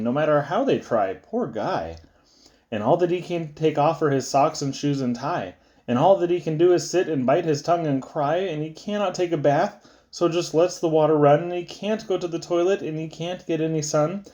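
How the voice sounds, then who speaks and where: Man reading kids' poems aloud, bouncy sing-song, wide leaps in pitch, muffled lo-fi sound. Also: warm tone. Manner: playful, sing-song delivery with sudden high squeaks and low drops. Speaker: poetry reader. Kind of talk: expressive reading of children's poems.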